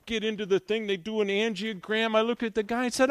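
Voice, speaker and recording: An older man giving a fervent sermon as a guest speaker, moving from loud exhortation to quiet personal storytelling. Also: high voice, fast talker, hardly any pauses, smooth, no echo, clean studio sound.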